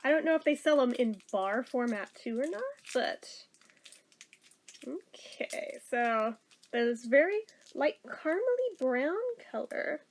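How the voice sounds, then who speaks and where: Woman, food review vlogger, casual, chatty, slightly high voice, talks while chewing. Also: sing-song, slow pace. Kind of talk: casual taste-test review.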